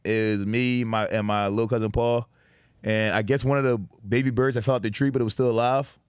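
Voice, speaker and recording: A man in his thirties co-hosts a casual chat in a mid-range voice, talking a little fast with a clean, studio-quality sound and no room echo. He's animated, swears a lot, laughs often, and acts out voices for the people in his stories.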